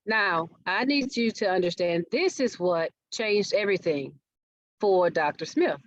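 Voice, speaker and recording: Her voice lowish and her intonation lively, a woman presents a marketing workshop at a slightly slow pace. She engages the audience, checking in with frequent questions, over dull, dry webinar audio.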